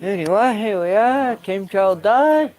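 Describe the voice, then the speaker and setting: A man vlogging outdoors in a rural yard delivers a casual rant to the camera, cursing the crowing roosters and speaking sweetly to his dogs. He sits high in pitch, sounds expressive and a little mellow, and talks a little slowly.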